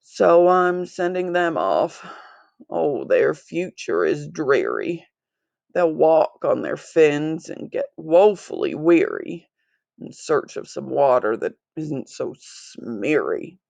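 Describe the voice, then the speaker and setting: A small, gruff old creature scolds in a croaky, coughing voice, as a woman puts him on for a storybook reading. He talks slowly with a gravelly edge. The sound is dry and close. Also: deep voice, big pitch swings, a little mellow, no echo, heavily acted. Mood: angry. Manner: scolding, indignant.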